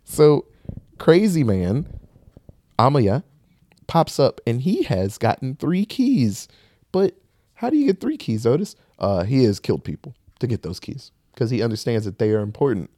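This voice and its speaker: Male podcast host, lively pitch, mellow tone, dry close mic; animated casual movie recap. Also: moderate pace, no echo. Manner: animated retelling with laughs and acted-out quotes.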